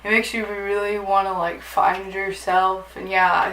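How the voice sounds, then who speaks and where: A woman's voice: mid-range voice, flat delivery, measured pace, gravelly, a bit bright. A young woman chatting casually about books in a book haul video, filling her talk with "like". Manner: chatty, lots of "like" fillers. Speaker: book vlogger. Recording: echoey room, mic at a distance, faint hiss.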